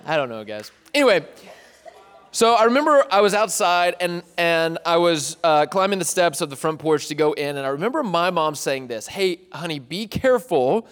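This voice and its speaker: A young man from East Tennessee preaches in a loose, conversational way, often poking fun at himself. His voice sits a bit high for a man. It echoes with the long reverb of a large hall. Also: expressive, moderate pace, a bit bright, clean tone. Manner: chatty, self-deprecating, joking with the crowd. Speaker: pastor. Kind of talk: casual sermon.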